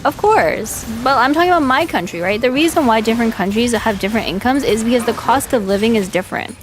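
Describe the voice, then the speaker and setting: A woman's voice: fairly high pitch, expressive, fast talker, soft background music. A woman streaming as a VTuber in casual, blunt chat, from Canada and filling her talk with "like" and "right?". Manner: blunt, chatty, filler-heavy with frequent "like" and "right?". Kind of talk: casual livestream chat reading viewer comments.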